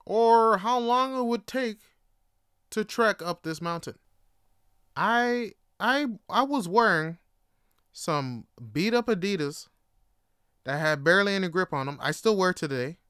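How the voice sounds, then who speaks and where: A man from Jamaica spins a profane travel story, with a bright, ringing edge to his fairly high voice. his tone stays smooth and clean, recorded close and dry with no room sound. he laughs easily and trips over restarts. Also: lively intonation, unhurried, long pauses, dry recording. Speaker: podcast host. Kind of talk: casual storytelling monologue.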